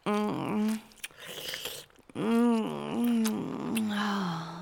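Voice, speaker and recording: A woman's voice: on the high side, very slow, creaky, noisy background. A woman performing an erotic audio role-play in a dominant, teasing manner, often dropping to a whisper.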